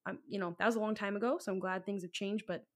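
Speaking fast in a steady, medium-pitched voice, this young podcast co-host rambles through a personal story. She's casual, packs in likes and ums, and doesn't hold back on swearing.

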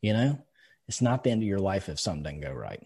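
A man's voice: low-pitched, big pitch swings, fast, dark tone, husky. A man co-hosting a podcast, swearing freely and telling blunt personal stories in casual chat. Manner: blunt, profane, storytelling. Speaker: podcast co-host.

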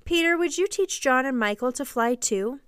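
Casting: a bright, eager storybook girl, put on by a woman, high and excited, crisp tone. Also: moderate pace, dry recording, clean studio sound. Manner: excited, breathless exclamations. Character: eager, motherly young girl.

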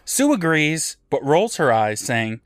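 Lively-voiced podcast co-host man. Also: a little high, slow, no room sound, clean studio sound. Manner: swearing, laughing, retelling scenes. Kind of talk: casual recap chat.

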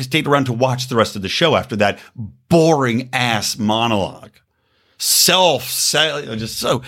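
A man's voice: medium pitch, fairly bright tone. A male podcast host with a scratchy throat, ranting in angry, profane, sarcastic political commentary.

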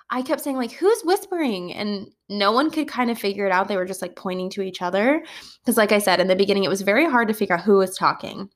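A woman who is a kindergarten teacher, casually telling funny classroom stories with lots of laughter. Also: medium pitch. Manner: animated, laughs often while telling stories. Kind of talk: casual storytelling podcast.

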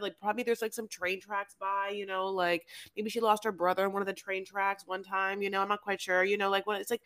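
A woman co-hosting a podcast, chatting casually and riffing playfully about a reality show in a rambling, animated way. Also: medium pitch. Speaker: podcast co-host.

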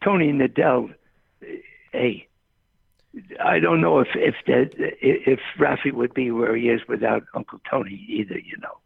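The speaker is an older tennis coach whose medium-pitched, gravelly, husky voice moves at an unhurried pace. Interviewed by phone, he spins rambling stories and keeps mentioning the host by name, heard on a dry but tinny line.

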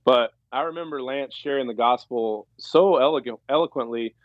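A man's voice: medium pitch, moderate pace, dry recording, muffled recording. A man, a former pro ballplayer, telling a story on a podcast in a loose, rambling way with many fillers and restarts. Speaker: former pro baseball player, podcast guest. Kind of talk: casual storytelling.

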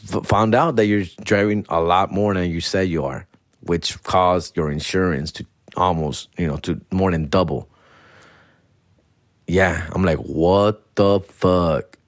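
A man hosting a comedy podcast and telling a profane, slangy story, dropping in Spanish slang and jumping high in pitch when he quotes himself. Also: dry recording, clean studio sound. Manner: jumps high in pitch for his own quoted outbursts. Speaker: podcast host.

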